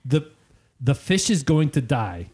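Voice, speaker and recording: A man with a somewhat husky, breathy voice at an ordinary middle pitch. He talks casually on a podcast about running an aquarium shop, telling stories and acting out his customers in quick quoted lines. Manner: animated storyteller, acts out customers in quotes. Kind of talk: casual podcast chat, storytelling.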